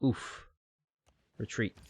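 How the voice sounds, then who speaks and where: A man commentating his own strategy gameplay live, chatting and answering viewer questions with sudden bursts of excitement. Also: extremely slow, no echo. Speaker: game streamer.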